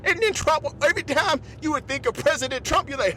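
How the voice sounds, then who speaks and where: A man hosting a podcast, delivering an animated comedic monologue full of laughs and repeated asides. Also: extremely high pitch, a little fast, gravelly, hardly any pauses, a little hiss or hum. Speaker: podcast host.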